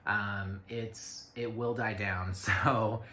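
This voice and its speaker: A man talks through a weekend astrology forecast in a loose, rambling way, stopping often on fillers and side remarks. His voice is bright and forward. The room around him rings with echo under a faint hiss. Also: on the low side, fairly even intonation, very slow. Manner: rambling, full of fillers and self-asides. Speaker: astrology reader. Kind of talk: casual spoken forecast. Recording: echoey room with faint noise.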